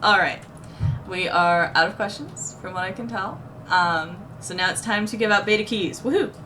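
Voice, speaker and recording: Host: woman, chatty and giggly, mid-pitched, faint hiss behind. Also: moderate pace, pushed and bright. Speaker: host of a gaming news show. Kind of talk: casual show hosting.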